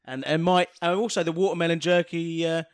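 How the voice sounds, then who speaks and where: A British man with a British English accent hosts a podcast, chatting casually at a house party and rambling, often cutting himself off mid-sentence. His fairly high voice has a clean tone, fairly even intonation and a slightly fast pace, recorded at studio quality with no echo.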